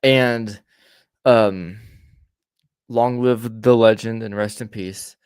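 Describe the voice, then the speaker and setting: A man's voice: on the low side, steady tone, takes it slowly, darkish tone, smooth, no room sound, clean studio sound. A man co-hosting a podcast, telling a rambling story in casual chat, with many stammers and restarts. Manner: rambling, stammering restarts, acts out quoted voices. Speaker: podcast co-host.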